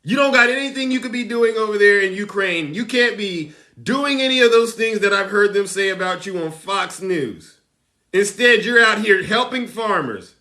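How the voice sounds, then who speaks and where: A man's voice: sits high, moderate pace, sharp tone. A man hosting a livestream, giving sarcastic political commentary with theatrical mock outrage and chats to viewers. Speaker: livestream host.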